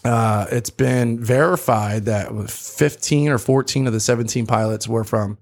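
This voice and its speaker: A man's voice: medium pitch, steady tone, a little slow. A man with a South Jersey accent, co-hosting a casual podcast and explaining at length with frequent ums. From South Jersey, USA. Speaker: podcast co-host.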